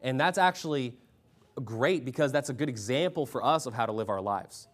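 Man preaching a forceful sermon. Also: medium pitch, animated, normal speed. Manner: forceful preaching, rising loud on scripture readings; clears throat often. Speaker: pastor.

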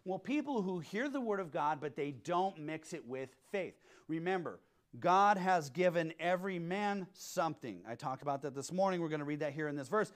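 A man's voice: on the high side, animated, moderate pace. A man preaching a sermon as pastor, emphatic and full of rhetorical questions.

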